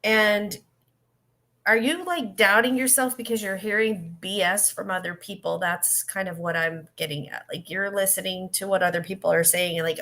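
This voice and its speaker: A woman's voice: mid-range voice, normal speed, fairly bright tone. A woman giving a live psychic reading, blunt and scolding as she tells the listener to act. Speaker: psychic reader.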